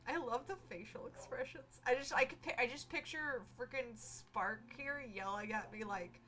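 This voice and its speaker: A woman's voice: fairly high pitch, normal speed, fairly bright tone. A woman streaming a game live, chatting in a rambling, easygoing way. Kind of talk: live game playthrough chat.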